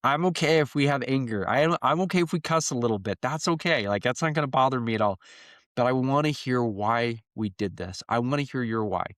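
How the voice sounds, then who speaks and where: A man's voice: mid-range voice, brisk, a bit bright, no room sound, studio quality. A man in his thirties hosting a podcast in a casual solo monologue, talking earnestly and rambling with many fillers. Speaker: podcast host.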